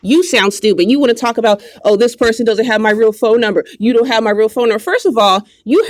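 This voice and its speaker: A woman's voice: on the high side, no echo, clean studio sound. A young woman in a confrontational, profane, mocking rant straight to camera. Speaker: vlogger. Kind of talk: angry direct-to-camera rant.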